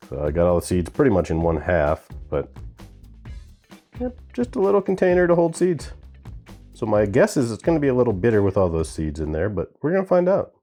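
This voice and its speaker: A man's voice: medium pitch, warm tone. A man hosting a gardening channel, chatting casually to camera and owning up that he can't pronounce plant names. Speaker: gardening and pepper-tasting channel host. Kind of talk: casual vlog talk to camera.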